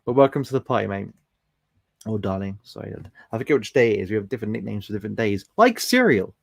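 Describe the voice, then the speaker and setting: A man's voice: on the low side, sing-song, fast, creaky, no echo, clean studio sound. Chatty man on a live stream. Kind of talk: casual live-stream chat, reading out viewer comments.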